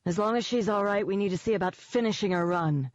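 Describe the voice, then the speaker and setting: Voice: mid-range voice, fast, dry recording, pitched above the performer's own voice, close to an everyday voice. A reader voicing a blunt, belligerent woman who gives orders, in an audiobook. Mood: bossy. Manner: belligerent and commanding. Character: protective, blunt woman housemate. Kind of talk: audiobook character voice. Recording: dull, dry lo-fi audio.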